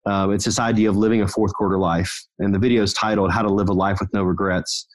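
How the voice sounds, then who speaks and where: Low-voiced motivational man. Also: a little fast. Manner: energetic, motivational storytelling. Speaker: guest, company founder. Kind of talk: casual podcast conversation.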